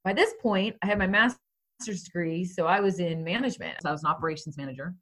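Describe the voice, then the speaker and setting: A woman's voice: on the low side, fast talker, fairly bright tone. A woman in her forties, a podcast guest, telling a personal story in a conversational way with many fillers.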